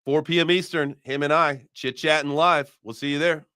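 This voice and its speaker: A man's voice: a little high, fairly even intonation, normal speed, sharp tone, clean tone, no room sound, studio quality. A man hosting a casual live stream, joking and rambling and swearing casually.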